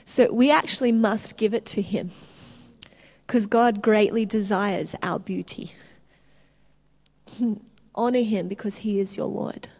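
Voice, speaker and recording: A woman preaching a sermon, telling stories in an animated way with restarts. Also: medium pitch, measured pace, gravelly, long pauses. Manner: animated storytelling with laughs and restarts.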